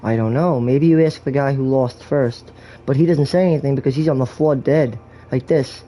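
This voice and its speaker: A man's voice: mid-range voice, normal speed, mellow. A man giving a joking, rambling walkthrough commentary on a video game, full of crude jokes and swearing.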